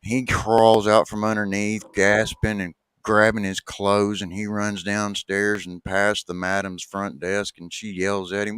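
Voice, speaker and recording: A man with a very low voice tells a long, folksy joke, acting out each character as he goes. At the punchlines his voice climbs to a high, squealing pitch. The sound is dry and close, with no room echo. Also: level tone, measured pace, hardly any pauses, fairly bright tone, smooth. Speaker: guest telling a joke.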